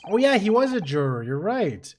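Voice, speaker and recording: A man's voice: high voice, big pitch swings, normal speed, a little mellow, a little hiss or hum. A man streaming a video game, making jokey casual asides and reacting to his chat. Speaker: let's play streamer. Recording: game music playing behind.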